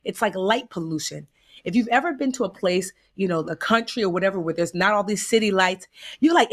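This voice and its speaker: Speaking at medium pitch and a little fast, this US woman is a conversational guest spinning stories. She's lively, mimics the voices she quotes, and drops in homespun asides.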